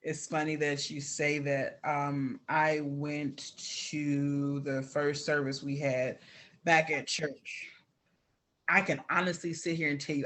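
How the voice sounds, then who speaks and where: A woman guest sharing a personal testimony, candid and animated, acting out the voices of people she quotes. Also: low-pitched.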